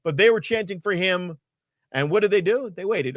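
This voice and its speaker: A man casually recapping a wrestling show, animated and rambling, with lots of fillers and swearing. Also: high voice, a little fast, no echo. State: hot and sweaty. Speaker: podcast co-host.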